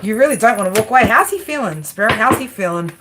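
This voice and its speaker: A woman's voice: a little high, animated, quick pace, noisy background. A woman giving a live tarot reading in a brash, chatty way, swearing freely and calling her viewer girl and baby. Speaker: tarot reader.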